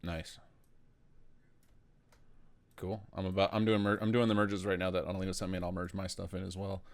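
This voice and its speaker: A man's voice: deep voice, level tone, fairly quick. A man hosting a live stream, chatting casually with viewers while he works. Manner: laid-back, talks to viewers while working.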